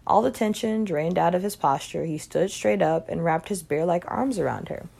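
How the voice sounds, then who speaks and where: A woman reading a short story aloud in a calm, even manner. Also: lowish voice, moderate pace, gravelly. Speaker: reader.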